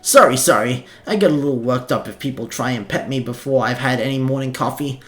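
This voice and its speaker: A man voicing an excitable small male dog who is a fussy professor, lecturing in a high, loud, eager voice. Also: fairly quick, soft background music, natural voice.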